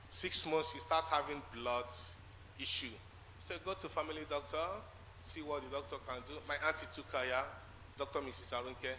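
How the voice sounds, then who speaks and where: A man with a Nigerian English accent giving a spoken testimony in church, telling his story haltingly and acting out the conversations in it. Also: on the high side, sharp tone. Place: large church hall. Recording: echoey church hall with faint noise.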